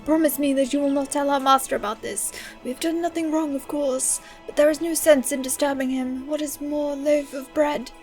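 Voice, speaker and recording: A woman's voice: sits high, fairly even intonation, moderate pace, hardly any pauses, darkish tone, soft background music, pitched above the performer's own voice, lightly acted. A woman voicing an earnest, kindly male steward in a game, pleading in formal speech. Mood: reassuring.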